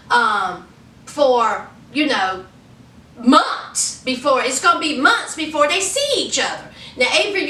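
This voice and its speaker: A sassy woman recaps reality TV in animated, chatty commentary. Her voice is high and bright, sweeping up and down as she tells the story. She sits a little back from the mic in an echoey room with faint noise. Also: recorded from a distance. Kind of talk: casual commentary.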